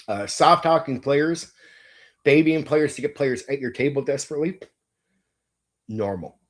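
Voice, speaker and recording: A middle-aged man, host of a tabletop game channel, ranting in blunt, profane casual talk and repeating himself. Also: mid-range voice. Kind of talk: casual opinion rant to a viewer.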